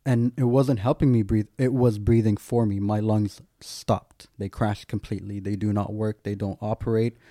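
Dark, dry-voiced man telling his story. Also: lowish voice, level tone, moderate pace, few pauses, no echo. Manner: candid, loose, peppered with "like" and self-mocking humour. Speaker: guest. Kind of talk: personal storytelling in casual conversation.

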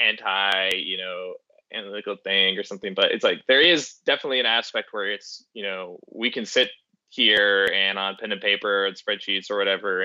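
A man's voice: on the low side, pushed and bright, no room sound, dull audio. A man co-hosting a hockey podcast in casual chat, rambling with many fillers and restarts. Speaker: podcast co-host.

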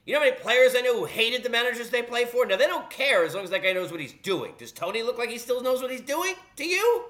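Heated, high-energy sports talk host. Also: male voice, very animated, fairly bright tone. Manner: heated, sarcastic, rapid-fire rhetorical questions. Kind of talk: animated sports commentary rant.

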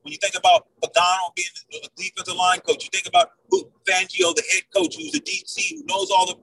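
A man with a high, sharply bright voice argues hard on a sports talk show, his delivery loud and insistent. His tone is raspy and gravelly, and he sounds a bit far from the mic in a dry room. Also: animated, brisk. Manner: loud, emphatic, repeats "I'm telling you right now". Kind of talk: heated sports debate.

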